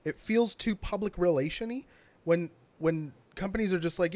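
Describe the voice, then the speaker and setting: A man's voice: a little high, fairly quick, darkish tone. A young man co-hosting a casual gaming podcast, blunt and sarcastic, swearing freely. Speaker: podcast co-host. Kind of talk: casual gaming news chat.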